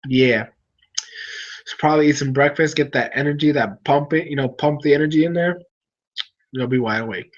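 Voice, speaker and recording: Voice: medium pitch, normal speed, pauses often, highs cut off. A streamer talking casually with viewers late at night, sleepy and yawning, rambling along with frequent restarts.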